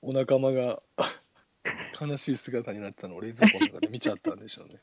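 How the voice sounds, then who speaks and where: A co-host on a podcast gives quick, brief replies and laughs along with the jokes. The voice is husky and talks very fast, with a lot of lift and fall in pitch. It sounds dull and lo-fi. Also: wildly swooping pitch, fairly bright tone, no room sound. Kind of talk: casual chat.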